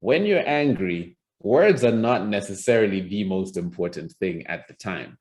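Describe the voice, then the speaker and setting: Man, public speaking coach, lowish voice, video call, restarts, acts out examples. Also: animated, moderate pace, a little mellow. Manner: conversational, repeats words and restarts, acts out example lines. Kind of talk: online presentation skills lesson.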